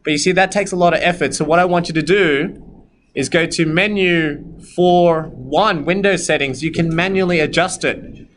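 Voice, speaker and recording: A man teaching a high school maths class in a classroom, sometimes sternly scolding the students at length. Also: normal speed, a bit bright, a little hiss or hum, rough recording. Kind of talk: classroom lesson with calculator demo.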